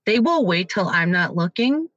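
A woman in her thirties chats as a guest, her voice bright and forceful. She tells animated family stories, and the recording sounds dull and lo-fi, close and dry. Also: lowish voice, moderate pace, no room sound. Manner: animated storyteller, mimics family. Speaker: guest musician. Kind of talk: casual chat.

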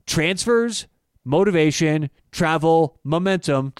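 Animated man talking bets, dry mic. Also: on the high side, takes it slowly, smooth, no echo. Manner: animated, emphatic, restarts, swears casually. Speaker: podcast co-host, sports bettor. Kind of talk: casual sports betting chat.

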